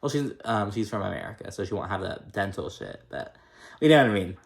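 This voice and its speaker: A man's voice: lowish voice, expressive, a little fast, vocal fry. A man giving a casual recap of a reality TV episode, chatty and profane, with lots of fillers and shady asides.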